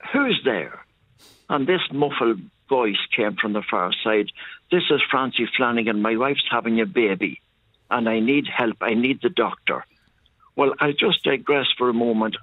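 An older man from County Monaghan with an Irish accent, calling in to a radio show and telling a long, detailed story at an unhurried pace. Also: fairly low pitch, no room sound. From Ireland. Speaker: caller. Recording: tinny phone line.

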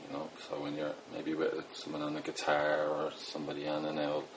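Over a noisy background, a middle-aged Irish man with a Dublin accent speaks fairly quickly in a very deep voice with a completely flat delivery. He's a poet in a casual interview, rambling, self-deprecating and heavy on fillers.

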